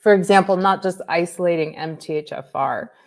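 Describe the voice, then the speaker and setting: Low-voiced woman doctor explaining animatedly. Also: brisk. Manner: lively, explains with examples and asides. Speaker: naturopathic doctor, guest. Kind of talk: conversational expert explanation.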